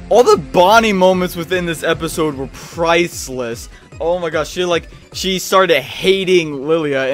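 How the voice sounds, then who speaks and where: A man giving a rambling, excitable casual review of a cartoon episode, often restarting his sentences. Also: on the high side.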